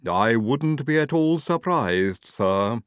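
A man voicing a calm, resourceful young woman disguised as a male soldier, smooth and unflappable. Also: mid-range voice, slow, no room sound, studio quality.

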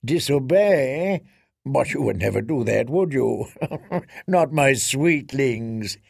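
A man's voice: mid-range voice, animated, creaky, a little mellow, no room sound, heavily acted. Oily male nurse, read by a man: patronizing, drawn out, dry close mic. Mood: wheedling. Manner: slow, wheedling, coaxing.

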